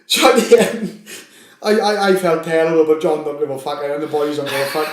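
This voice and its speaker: A Welshman with a Swansea accent spins animated stories and swears freely, laughing as he goes. His voice sits high for a man. The room around him is noticeably echoey. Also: brisk. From Wales. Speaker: podcast guest, fighter. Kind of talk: casual storytelling chat.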